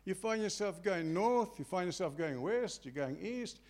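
An older man preaching a conversational sermon, telling stories and often dropping his voice soft. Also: sits high, expressive, moderate pace. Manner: storytelling, conversational with sudden soft drops.

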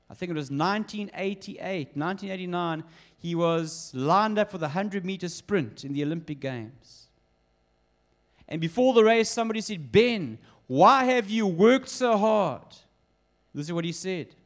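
Pastor, high-pitched man, animated sermon storytelling. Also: normal speed. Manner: lively storytelling with acted quotes.

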